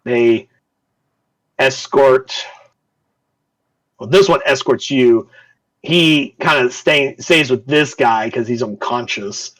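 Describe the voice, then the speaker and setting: A man's voice: medium pitch, slow, long pauses, a bit bright, rough recording. A young man running a tabletop game as game master, casual and loose, with lots of filler words and swearing.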